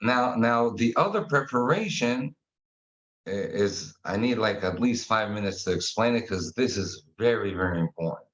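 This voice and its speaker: Man, animated storyteller, casual guest chat, muffled sound. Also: fairly low pitch, moderate pace. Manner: animated storyteller, acts out quotes. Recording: dull lo-fi sound.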